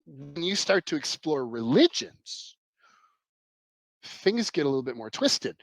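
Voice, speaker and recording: A man's voice: fairly high pitch, big pitch swings, a little slow, gravelly, no echo, rough recording. A man explaining his ideas as a podcast guest, in a rambling, emphatic way with many restarts. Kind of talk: conversational explanation.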